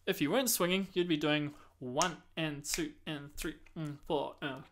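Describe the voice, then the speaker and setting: A man's voice: a little high, normal speed. A man giving a music lesson as a saxophone teacher, explaining patiently and counting and singing rhythms aloud.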